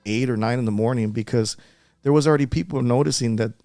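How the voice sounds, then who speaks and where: A man's voice: medium pitch, quick pace, mellow, dry recording, soft background music. A man as a podcast guest, talking earnestly and repeating himself as he recalls an upsetting event. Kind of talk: emotional podcast interview.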